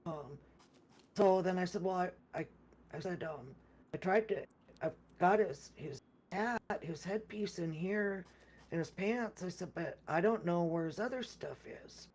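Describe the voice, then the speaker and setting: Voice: mid-range voice, a little slow, darkish tone. A person casually retelling a game session at length, rambling with many restarts and repeated words, and quoting others' lines along the way. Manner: acts out others' lines in quoted speech. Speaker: gamer recounting a game session. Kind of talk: casual storytelling.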